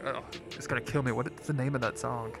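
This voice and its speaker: A man co-hosting a podcast in casual chat, animated, laughing often and swearing freely. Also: mid-range voice, fast, creaky, soft background music. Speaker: podcast co-host.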